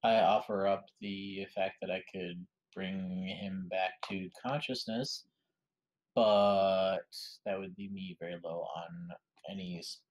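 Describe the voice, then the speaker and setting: A man with a low voice chats casually as a player in a tabletop role-playing game. He thinks aloud, stopping and restarting as he weighs his choices. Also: darkish tone.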